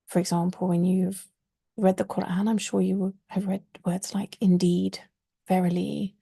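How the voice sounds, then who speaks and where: A woman with a husky, gravelly voice and a mellow tone gives an online Arabic lesson. She explains earnestly and leans hard on the words she wants remembered. The sound is dry and close. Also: mid-range voice, no room sound. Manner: religious phrases woven into teaching. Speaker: Arabic teacher.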